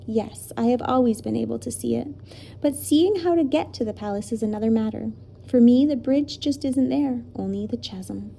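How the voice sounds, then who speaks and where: A woman voicing a brave, gentle old male professor in a storybook reading, speaking in a measured, formal way. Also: on the high side, vocal fry, slight background noise.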